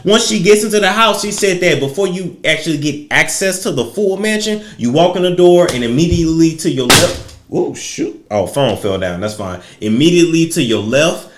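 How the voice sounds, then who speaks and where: A man's voice: sits high, lively intonation, fairly quick, echoey room. A man hosting a casual celebrity gossip livestream, talking straight to his viewers and giving his opinions. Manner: conversational, opinionated, addresses viewers directly.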